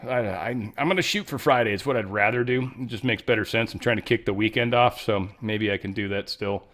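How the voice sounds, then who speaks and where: A man's voice: on the low side, fairly quick, fairly bright tone. A man hosting his own show, giving casual news commentary in a rambling, profane, ranting way. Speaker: host.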